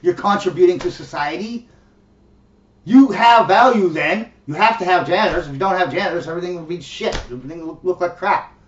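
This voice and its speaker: A middle-aged man rants bluntly and profanely, with a high voice and short laughs between his points. He sounds far from the microphone, in an echoey room. The recording is dull and lo-fi. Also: brisk. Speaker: commentary host. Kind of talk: casual ranting monologue.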